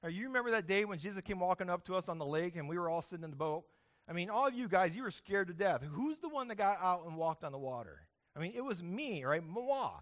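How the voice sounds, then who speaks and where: A man's voice: high voice, expressive, fast, voice pushed up. A man preaching, putting on the apostle Peter as a brash, boastful fisherman who brags in a raised voice.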